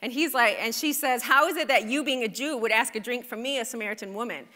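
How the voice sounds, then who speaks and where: A woman preaches to her congregation in a chatty, animated way, often turning to them with a quick question. Her voice is high and bright. It rings with the long reverb of a large church hall. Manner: animated, conversational, asks the congregation "right?". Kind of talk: sermon. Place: church sanctuary. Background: congregation responding.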